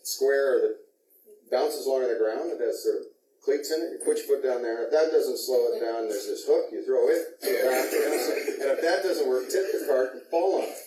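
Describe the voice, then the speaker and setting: A man's voice: medium pitch, normal speed, mellow. A male actor in an interview, animatedly telling a behind-the-scenes story and laughing often. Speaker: actor guest. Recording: roomy, distant mic, faint noise.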